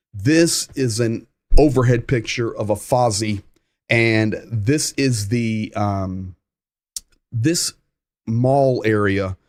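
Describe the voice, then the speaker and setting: A man with a Southern American accent talks through a live-stream news update in an easy, conversational way. He often pauses with "um" and answers viewer comments as he goes. His voice sits at an ordinary middle pitch and sounds dry and close, with no room echo. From United States.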